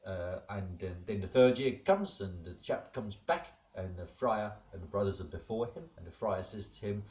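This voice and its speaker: A man hosting a comedy show as God, telling jokes in a rambling, deadpan way with many fillers. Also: lowish voice, normal speed, few pauses. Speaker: comedic host playing God. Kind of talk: improvised comedy monologue. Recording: echoey room.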